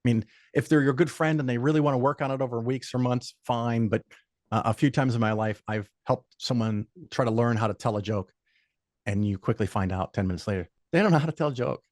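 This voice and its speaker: A man's voice: mid-range voice, a little fast, no room sound, studio quality. An older man, a podcast guest, telling stories in casual chat with frequent swearing and quoted voices. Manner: profane, animated anecdotes with quoted voices.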